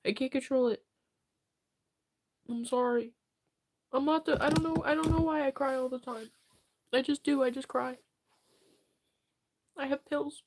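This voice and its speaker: Young woman streamer, crying, high-pitched, keeps saying sorry between broken sentences. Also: fairly even intonation, noisy background. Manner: apologetic, halting, reads chat donations. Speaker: livestreamer. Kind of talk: tearful livestream chat.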